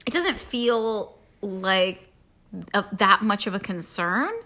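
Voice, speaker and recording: A woman's voice: medium pitch, lively intonation, slow pace, bright, forceful tone. A woman co-hosting a casual podcast, speaking frankly, laughing often and giving advice. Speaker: podcast co-host. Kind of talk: casual chat.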